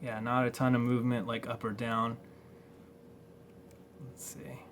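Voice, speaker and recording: A man's voice: medium pitch, little pitch movement, a bit bright, slight background noise. A man reviewing a toy figure in a casual, rambling way, full of fillers and restarts. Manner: rambling, halting, many fillers. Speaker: toy collector vlogger.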